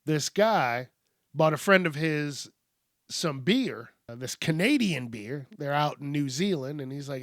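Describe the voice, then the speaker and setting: A man's voice: on the high side, animated, a little slow, a bit bright, dry recording, studio quality. A male podcast host riffing casually on news stories, joking and swearing freely. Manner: profane, joking, rhyming asides.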